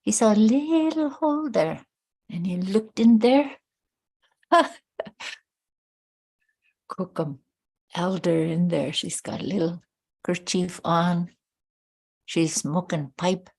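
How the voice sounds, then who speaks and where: A woman storyteller telling a traditional tale in an unhurried, conversational way, with asides to her listeners. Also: on the low side, lively intonation, creaky, a little mellow, slightly rough.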